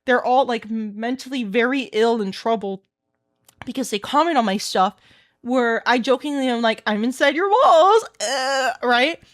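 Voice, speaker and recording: A woman VTuber streamer chatting casually on a live stream, telling an animated story and laughing often. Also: a little high, moderate pace.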